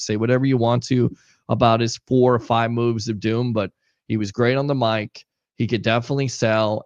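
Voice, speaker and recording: A man hosting a casual sports talk show, keeping his voice down in a near monotone. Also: medium pitch, dry recording, muffled recording. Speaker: host.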